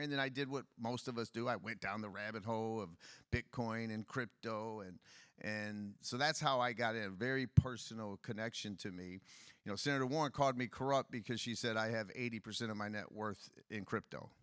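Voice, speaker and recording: A man's voice: on the low side, a little fast, a bit bright, clean tone, no echo, studio quality. A middle-aged man from Detroit, a political candidate telling his story bluntly in a fireside chat. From Detroit, USA.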